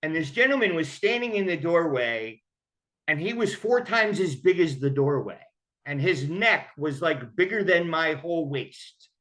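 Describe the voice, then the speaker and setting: Telling the story of his recovery, this man speaks with a fairly high, fairly bright voice. He keeps it candid and chatty, performing the voices he quotes.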